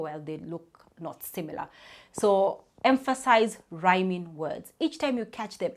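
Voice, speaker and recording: A woman in her thirties, a speech therapist, explaining reading tips to parents in a chatty way, often saying "you know" and spelling out sounds. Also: on the low side.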